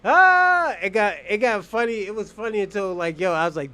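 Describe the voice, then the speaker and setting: A man's voice: high-pitched, lively intonation, fast, sharp tone, clean tone. A young man hosting a stream, chatting and telling joking stories in a loose, casual way. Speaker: streamer host. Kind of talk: casual reaction commentary.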